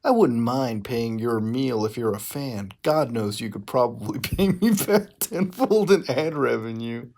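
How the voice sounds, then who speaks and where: A friendly, self-assured guy who talks breezily and without awkwardness, as a man reads the part. His voice is slightly gravelly, and it is played for laughs in a fan-fiction reading. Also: medium pitch, unhurried, hardly any pauses, slight background noise, voice pushed down. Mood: relaxed. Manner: breezy and relaxed. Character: casual, confident friendly male YouTuber.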